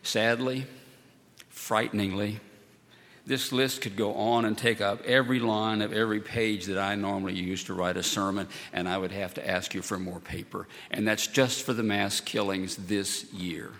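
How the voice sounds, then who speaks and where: A male pastor preaching in a measured, solemn way, driving his points home through repetition. His voice sits on the low side but comes across bright and sharp. A long reverb trails behind him through the church. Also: little pitch movement. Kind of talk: sermon. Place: church sanctuary.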